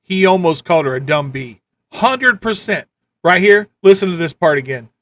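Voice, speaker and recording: A man running a live stream with a high, bright voice. He rants blunt political commentary, repeating his points. The delivery is casual and hard-hitting. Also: animated, moderate pace. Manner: ranting, repetitive, blunt. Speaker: livestream host.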